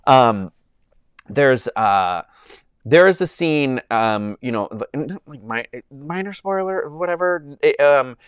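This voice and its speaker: A man's voice: medium pitch, lively intonation, slow pace, clear, resonant tone, no echo, studio quality. A young man hosting a casual movie-review livestream, rambling and gushing with lots of fillers and restarts. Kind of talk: casual chat. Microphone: own microphone, close.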